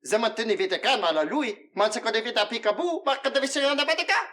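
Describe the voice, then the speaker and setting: A man voicing a timid foreign man who babbles in a made-up tongue with a high, halting, sing-song voice. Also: animated, pushed and bright, full character voice. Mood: excited.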